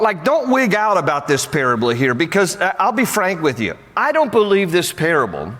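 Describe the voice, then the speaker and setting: A male pastor preaching a sermon in a conversational, humorous way, with animated asides. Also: a little high. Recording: long hall reverb.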